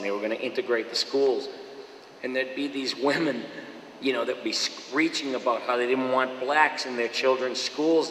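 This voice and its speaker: A man from Boston chats with a crowd of fans about his voice work, animated and quick to slip into impressions. His tone is bright and forward. The sound rings with the long reverb of a large hall. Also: medium pitch, slight background noise. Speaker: voice actor at a fan Q&A. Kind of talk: casual anecdotal chat.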